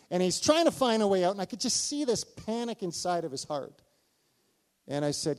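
A middle-aged male pastor preaching a sermon, telling a personal story with animated delivery and acted-out dialogue. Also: sits high, fairly quick.

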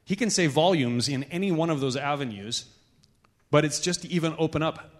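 A man leading a church gathering, teaching in a relaxed, conversational way. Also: on the high side, fairly quick. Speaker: church leader. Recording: echoey hall reverb.

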